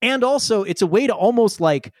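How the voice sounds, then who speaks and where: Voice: medium pitch, expressive, a little fast, dry recording. Game master narrating a tabletop game, rambling and friendly, close dry mic. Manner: chatty, explains with many fillers.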